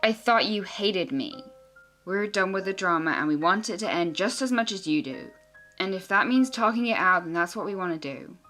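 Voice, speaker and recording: A woman's voice: medium pitch, lively intonation, normal speed, sharp tone, faint music behind. A woman voicing several teenage girls in an amateur drama, talking in an emotional, earnest and sulky way. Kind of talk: amateur teen drama acting.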